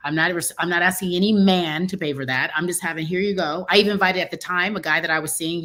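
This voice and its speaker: A woman with a notably deep voice co-hosts a relaxed talk show. She is middle-aged and tells her stories with animation, slipping into the voices of the people she quotes. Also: quick pace, few pauses. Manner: animated storytelling, acting out quoted dialogue. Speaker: co-host. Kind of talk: casual chat.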